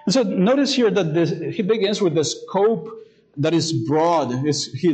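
A male pastor preaching a sermon, hesitant with fillers when telling a story and slowing down to read scripture aloud. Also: fairly high pitch, darkish tone, poor audio.

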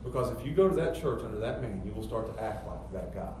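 A man's voice: on the low side, lively intonation, fast. Man preaching in an echoey church. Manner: emphatic preaching, rising loud on rhetorical questions. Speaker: pastor. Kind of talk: sermon. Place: church sanctuary. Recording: very echoey church hall, distant mic, faint noise.

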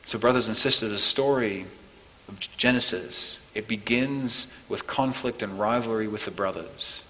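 A man preaching a sermon as pastor, earnest, building to emphatic peaks and then softening. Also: fairly low pitch, in a large hall, rough recording. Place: church.

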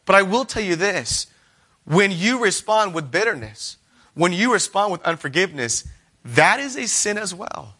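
A man's voice: high-pitched, big pitch swings, normal speed, pushed and bright. A man preaching an earnest sermon, reading scripture aloud and acting out the voices of the people he quotes.

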